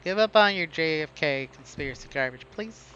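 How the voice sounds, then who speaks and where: A man's voice: fairly high pitch, animated, a little fast, bright, forceful tone, muffled recording, a little hiss or hum. A man streaming a game, chatting, joking and thinking aloud as he plays. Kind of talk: casual gameplay commentary. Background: game music.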